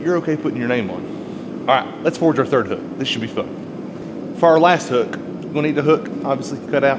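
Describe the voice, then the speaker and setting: A man giving a relaxed, chatty, encouraging blacksmithing demonstration in his workshop, laughing easily as he explains. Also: medium pitch. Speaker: blacksmith instructor. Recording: long reverb with loud air conditioning and vehicle noise.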